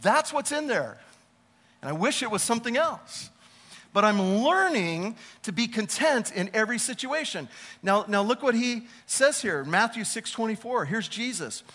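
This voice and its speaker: A man preaching a sermon as a pastor, animated, stretching key words and dropping to a chatty tone for personal stories. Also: high-pitched, normal speed.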